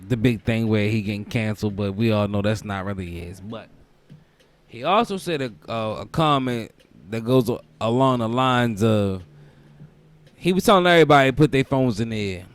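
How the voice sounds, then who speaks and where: A young man hosting a comedic podcast, ranting in a loose, profane way and bursting into loud mocking quotes. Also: fairly low pitch, fairly quick. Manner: profane, animated storytelling with loud mock quotes. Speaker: podcast host. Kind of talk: casual comedic podcast rant.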